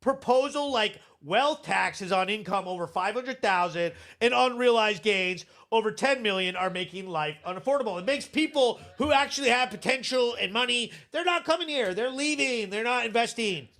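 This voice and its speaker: A man's voice: very high-pitched, animated, normal speed, few pauses, a bit bright. A man hosting a live show, ranting bluntly and sarcastically in casual commentary, swearing freely. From Vermont.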